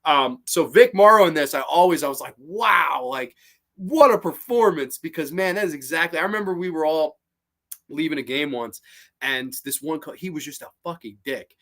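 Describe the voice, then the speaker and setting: A quick-talking man hosts a loose live-stream movie chat. He rambles, curses freely and gets animated as he riffs. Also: on the high side. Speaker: host.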